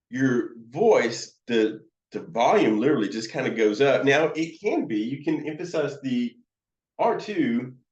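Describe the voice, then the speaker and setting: A man teaching counseling students, talking in a slow, halting way with many fillers and restarts. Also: medium pitch, a little mellow. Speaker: counseling supervisor. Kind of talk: teaching lecture with demonstrations. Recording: roomy, dull lo-fi sound.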